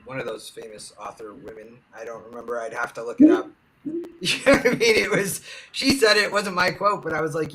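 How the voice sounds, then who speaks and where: A man's voice: on the high side, fairly quick, crowd noise. A young adult man, a guest in a casual interview, talking candidly and often quoting what others told him.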